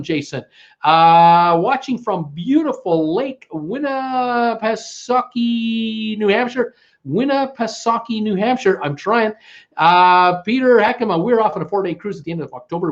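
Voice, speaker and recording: A man's voice: sits high, lo-fi sound. A man with a Canadian accent hosting a live stream, greeting viewers and reading their comments aloud, chatty and stumbling over names. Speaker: livestream host.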